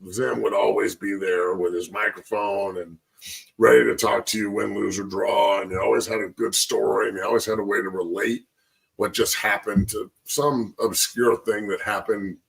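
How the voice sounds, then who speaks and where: A man with a low, gravelly, husky voice talks through sports memories in a loose, rambling way, choked up. His voice sits a little back from the mic. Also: fairly even intonation, moderate pace, distant mic, low-quality recording. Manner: rambling, reflective, with fillers. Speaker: sports show host, former player. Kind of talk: casual sports talk.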